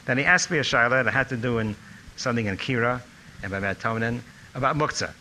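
Older man, reminiscing speaker, lively storytelling, very bright tone, faint hiss behind. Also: mid-range voice, quick pace, poor audio. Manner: animated storytelling, acting out quotes. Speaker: speaker recalling a teacher. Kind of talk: anecdotal reminiscence.

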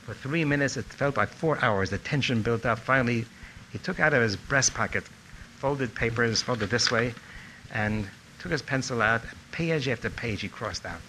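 An older man telling animated stories about a teacher from his student days. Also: mid-range voice, moderate pace, slight background noise, low-quality recording. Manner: animated storytelling, acting out quotes. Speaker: speaker recalling a teacher. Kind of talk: anecdotal reminiscence.

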